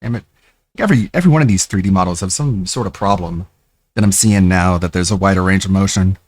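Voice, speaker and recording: A man's voice: low-pitched, quick pace, darkish tone, husky. A male streamer commenting casually, in an amused and wry way. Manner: amused, wry, laughs often.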